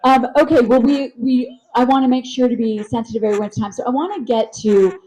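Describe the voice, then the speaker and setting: A woman's voice: fairly high pitch, brisk, dark tone, rough recording. A woman moderating a panel, speaking in an earnest, emphatic way.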